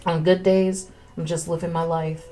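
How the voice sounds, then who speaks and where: Woman streamer, low-ish register, candid eating-stream chat, chewing audible, close mic. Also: flat delivery, moderate pace, warm tone. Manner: chewing between words, candid and rambling. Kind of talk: casual chat while eating. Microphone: close desk mic. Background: faint music.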